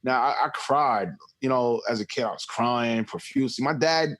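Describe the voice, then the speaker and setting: In his thirties, this podcast host talks emphatically and swears freely in casual conversation. His voice is mid-range and a bit bright, at a normal speed.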